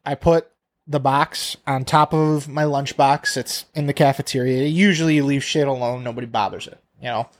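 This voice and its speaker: A man co-hosting a podcast, telling a workplace story in a casual, profane, animated way. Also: medium pitch, moderate pace. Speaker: podcast co-host.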